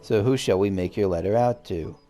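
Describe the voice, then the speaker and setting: A man's voice: on the low side, fairly quick, mellow, soft background music, close to an everyday voice. A man reading as a chirpy little moogle courier. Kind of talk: reading game dialogue aloud.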